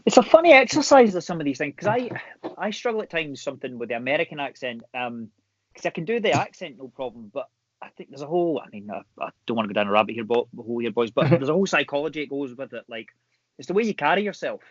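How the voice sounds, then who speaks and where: A Scottish man talks easily and candidly as a podcast guest, quick to laugh. He is heard over a video call from his home, so his voice sits in a dry space with a dull, muffled band. His pitch is in an ordinary middle range. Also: expressive, no room sound. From Scotland. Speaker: guest actor. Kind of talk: casual podcast interview.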